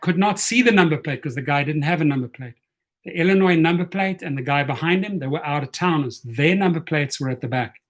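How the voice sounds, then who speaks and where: A man telling a story in a casual vlog, blunt, profane and fired up. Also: a little high. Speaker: rideshare vlogger.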